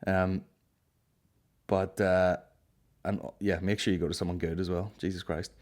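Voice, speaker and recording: A man's voice: low voice, flat delivery, moderate pace, darkish tone. A young man with a Northern Irish accent, hosting a podcast in casual, rambling chat full of swearing and fillers. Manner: swears freely, rambling storytelling with frequent fillers. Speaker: podcast host.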